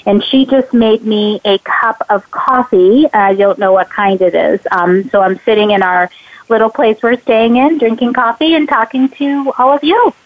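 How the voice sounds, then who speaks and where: A woman's voice: fairly high pitch, moderate pace, dry recording, narrow, tinny audio. A woman calling in as a guest on a radio panel while on vacation, bubbly and giggling often. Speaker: guest expert.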